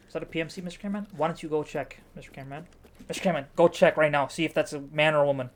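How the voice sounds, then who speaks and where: A man giving a casual game review while playing, jokey and animated, barking orders at an imaginary cameraman. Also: on the high side, fast. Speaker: gaming YouTuber reviewing a game. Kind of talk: casual game review with live gameplay commentary.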